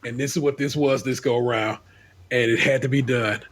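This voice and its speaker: Husky, wisecracking male podcast host. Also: medium pitch, fairly even intonation, a little fast. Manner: laid-back, wisecracking, profane. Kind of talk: casual reading of forum posts aloud.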